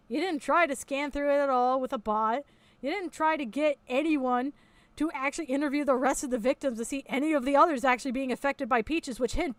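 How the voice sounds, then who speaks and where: A woman's voice: high-pitched, dry recording. A woman hosting a commentary video, mocking and sarcastic, swearing a lot as she talks over a recorded call.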